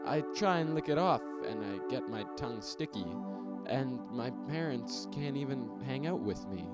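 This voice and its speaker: A man reading parody commercials in a mock-earnest, rambling sales pitch. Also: lively intonation, normal speed, loud music behind the voice. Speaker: mock ad reader.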